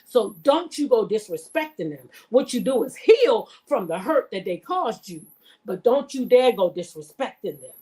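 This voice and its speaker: Her voice sits fairly high, warm and sing-song, moving at a moderate pace. She's a vlogger reacting to reality TV, speaking directly to viewers with casual stories and blunt, emphatic, profane remarks.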